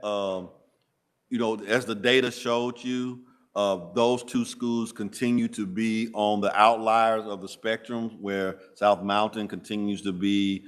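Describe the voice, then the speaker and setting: Southern-accented man, low voice. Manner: measured, hesitant with frequent uh fillers. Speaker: school district administrator. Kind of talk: answering questions at a public meeting.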